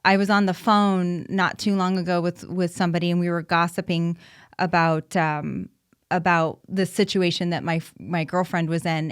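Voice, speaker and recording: A woman's voice: fairly low pitch, little pitch movement, moderate pace, clear, resonant tone, no room sound, studio quality. A woman in her thirties hosting a podcast, talking candidly and chattily with frequent ums and restarts about life with her son. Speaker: podcast host, mother of an autistic son. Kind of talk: casual solo podcast talk.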